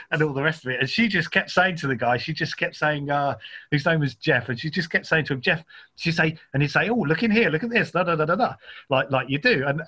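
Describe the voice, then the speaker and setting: A man's voice: on the high side, pushed and bright. A man co-hosting a podcast, telling rambling stories and laughing often. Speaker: podcast co-host. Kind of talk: casual chat.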